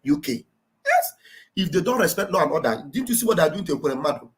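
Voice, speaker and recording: A woman hosting an online show, giving fervent, repetitive political commentary that often rises to shouting. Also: on the low side, sing-song, quick pace.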